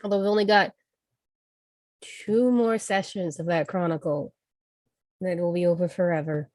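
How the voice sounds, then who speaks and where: A woman tabletop player and game master getting over a cold, introducing herself in a relaxed way. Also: lowish voice, normal speed, no room sound, studio quality. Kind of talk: casual introduction chat.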